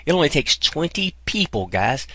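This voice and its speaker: A man with a sharp, slightly high voice and big pitch swings talks at a moderate pace in a casual outdoor vlog pushing an online income program, recorded with no echo. Getting over a cold, he coughs now and then and keeps chattily addressing viewers as "guys" and "man."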